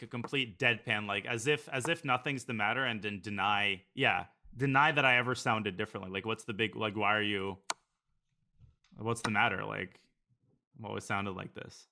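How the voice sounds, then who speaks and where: A man's voice: on the low side, pushed and bright. A man streaming online blitz chess, thinking aloud about his moves in a casual, joking way. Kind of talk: live commentary while playing online blitz.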